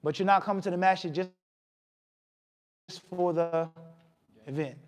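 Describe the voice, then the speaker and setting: A man giving a mosque lecture, animated, often putting questions to the audience. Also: high voice, unhurried, soft background music. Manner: animated, asks the audience questions, acts out scolding. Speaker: imam giving a talk.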